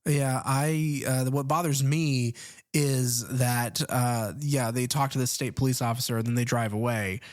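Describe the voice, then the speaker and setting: A man co-hosting a casual film podcast, recapping the plot in an even way with frequent ums and uhs. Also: medium pitch, measured pace. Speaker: podcast co-host.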